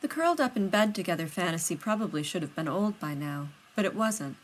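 A woman reading fiction aloud as audiobook narration, steady and unhurried. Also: fairly low pitch, low-quality recording. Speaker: reader.

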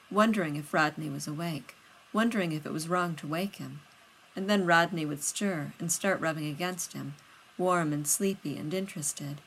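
Low-voiced woman reading a story. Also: slight background noise, low-quality recording. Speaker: reader. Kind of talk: audiobook narration of fiction.

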